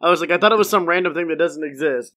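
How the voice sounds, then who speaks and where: A man co-hosting a podcast in casual chat, tossing in quick quips and chuckling. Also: fairly high pitch, bright, forceful tone. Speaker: podcast co-host.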